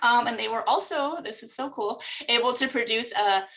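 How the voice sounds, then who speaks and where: A woman's voice: a little high, moderate pace, bright, forceful tone, low-quality recording. A woman presenting an online awards ceremony on a video call, enthusiastic and full of fillers.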